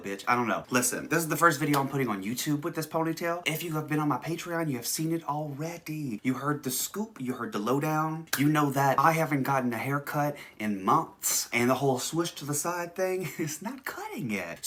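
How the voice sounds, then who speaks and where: Man, video reaction host, casual chat, excitable, keeps laughing, sharp bright tone. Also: on the high side. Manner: excitable and chatty, laughing often. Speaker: music video reaction YouTuber.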